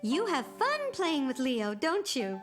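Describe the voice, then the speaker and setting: A woman's voice: high-pitched, very animated, a little slow. A voice actress playing a patient grandmother who coaxes a small boy kindly. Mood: coaxing. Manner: coaxing, kind, questioning. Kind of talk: cartoon voice acting. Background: children's music.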